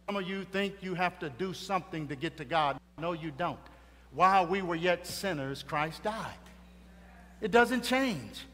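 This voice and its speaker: A man preaching a funeral sermon, dramatic, swinging between hushed tones and loud calls. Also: fairly high pitch, normal speed, a little hiss or hum. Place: church funeral service. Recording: reverberant hall with faint music.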